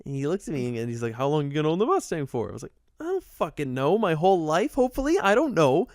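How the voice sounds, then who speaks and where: Animated young man telling a story. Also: a little high, quick pace, no room sound, studio quality. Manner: animated, swearing, acts out shouted quotes. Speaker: podcast guest. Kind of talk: casual storytelling.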